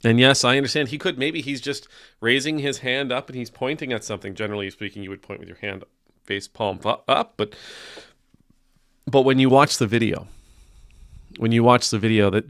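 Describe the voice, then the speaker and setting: A man's voice: medium pitch, brisk, fairly bright tone, smooth, no echo, clean studio sound. A man, a priest, giving casual spoken commentary in a wry, teasing, conversational way.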